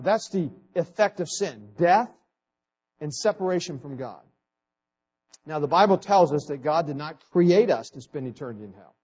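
High-voiced preacher man, lo-fi sound. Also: breathy edge. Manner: fast-talking, repeats words, swings between loud emphasis and quiet asides. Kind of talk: sermon. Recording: dull lo-fi recording.

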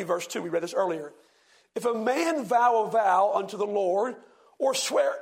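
Gravelly high-voiced man preaching. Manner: reads scripture slowly with heavy emphasis, asks the congregation questions. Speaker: pastor. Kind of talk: sermon.

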